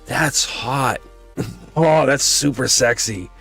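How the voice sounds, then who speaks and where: A man hosting a casual live-stream tarot reading, excitable, laughing often and swearing freely. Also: a little high, normal speed, soft background music.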